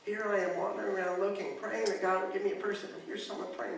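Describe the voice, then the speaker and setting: A man preaching a sermon in a church, telling a story in a calm voice that builds to loud, impassioned preaching. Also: sits high, fast talker, creaky, hardly any pauses, recorded from a distance. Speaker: guest preacher. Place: church sanctuary. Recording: very echoey church hall, picked up from afar.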